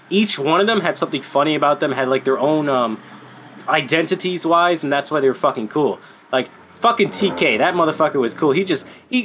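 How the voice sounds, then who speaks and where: A man giving a casual, unscripted anime review, excitable and rambling, swearing constantly and filling gaps with "like.". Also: on the high side. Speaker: anime YouTuber.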